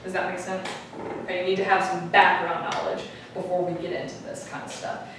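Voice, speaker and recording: An energetic woman teaching a high school class, upbeat as she calls on her students one by one. Her voice carries through a very echoey classroom, picked up from a mic across the room with a clear hiss of background noise. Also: fairly quick, far from the mic.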